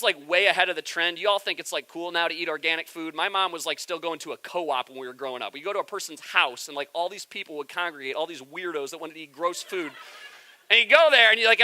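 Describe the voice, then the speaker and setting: A man's voice: high voice, bright, forceful tone. A man in his thirties preaching a sermon as pastor, telling stories in a conversational, humorous way.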